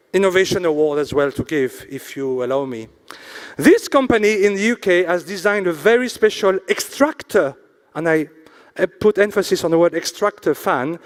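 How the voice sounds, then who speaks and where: A man hosting an awards ceremony in a hotel event hall. He reads out sponsors slowly and drops jokes between them. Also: high voice. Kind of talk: emcee announcing and joking on stage.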